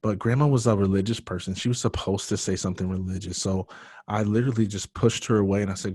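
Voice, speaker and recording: Deep-voiced man telling his story earnestly. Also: steady tone, quick pace, a little mellow, husky, no echo, clean studio sound. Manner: earnest, emotional testimony. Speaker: podcast guest. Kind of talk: personal storytelling in a podcast interview.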